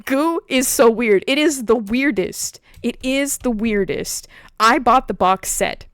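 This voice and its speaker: A woman streamer talks casually and animatedly from her home setup, breaking into laughter often as she explains. Her voice sits a bit high for a woman. The sound is dry and close, with no room echo. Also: slow, a bit bright, smooth. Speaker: streamer host.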